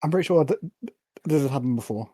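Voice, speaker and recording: A man's voice: a little high, expressive, fast, warm tone, slightly rough, dry recording. A man co-hosting a casual podcast, blunt and stubborn, swearing freely. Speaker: podcast co-host.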